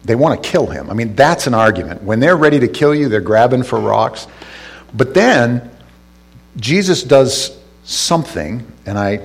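A man's voice: mid-range voice, big pitch swings, normal speed, vocal fry, slightly rough. A male pastor giving a conversational sermon, retelling scripture casually with asides and restarts.

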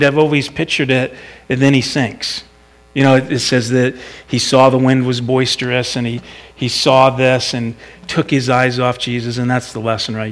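A man's voice: medium pitch, fairly bright tone. Reflective middle-aged man giving a devotional. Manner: conversational, reflective, thinking aloud. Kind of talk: informal Bible devotional.

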